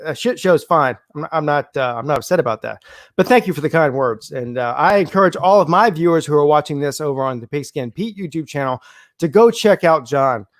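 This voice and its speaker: Animated higher-voiced man talking sports. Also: fairly quick, no echo. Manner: animated, emphatic, restarts often. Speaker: show co-host. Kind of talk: casual sports talk.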